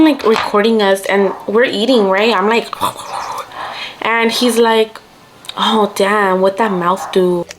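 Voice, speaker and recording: A young vlogger from Mexico chats her way through a story as she gets ready, sliding between English and Spanish. Her voice is a little high, with background noise.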